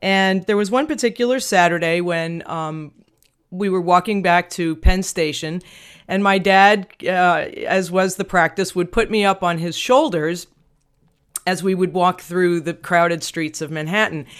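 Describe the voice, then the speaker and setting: Smooth-voiced animated woman storyteller. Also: fairly low pitch, measured pace. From Long Island, New York. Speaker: auctioneer guest. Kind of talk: storytelling in an interview.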